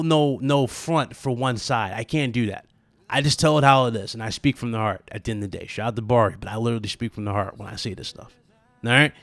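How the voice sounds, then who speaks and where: Male gaming vlogger, casual animated delivery, mid-range voice, dry unreverberant recording. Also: mid-range voice, dry recording. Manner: animated, conversational, lots of fillers and asides. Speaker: gaming channel host. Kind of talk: casual gaming commentary vlog.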